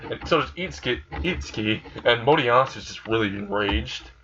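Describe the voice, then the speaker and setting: A man's voice: medium pitch, lively intonation, normal speed, pushed and bright. A man casually retelling a fan what-if story in a rambling, crude way. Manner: rambling, crude, laughs at his own plot. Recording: slightly dull recording with faint hiss.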